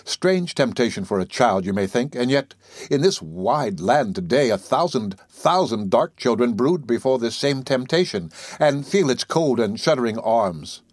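Male audiobook narrator, mid-range voice, expressive measured delivery, dry booth sound. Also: mid-range voice, no echo. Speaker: audiobook reader. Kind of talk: scripted narration of literary prose.

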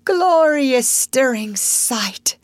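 A woman reading aloud while voicing Toad, a conceited male toad who talks in a dreamy, breathless swoon, high and slow. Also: very animated, no room sound, studio quality. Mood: rapturous. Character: rapturous conceited male Toad, motor-car mad. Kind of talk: storybook reading.

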